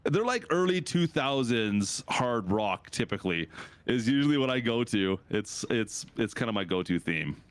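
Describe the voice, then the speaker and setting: A Canadian man in his thirties, a streamer rambling casually with his chat, his pitch jumping up for reactions. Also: expressive, moderate pace. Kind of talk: casual chat with chat while gaming.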